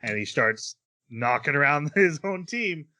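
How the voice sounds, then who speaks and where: A man's voice: a little high, animated, a little slow, sharp tone. A man hosting a casual anime podcast, recapping episodes and laughing often. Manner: laughs often while recapping plot, acts out quotes. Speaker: podcast host.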